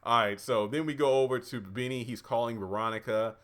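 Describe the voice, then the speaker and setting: A man casually recapping a TV episode, chatty and excitable, cheering and exclaiming at the scenes. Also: mid-range voice, brisk. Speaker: TV episode reviewer.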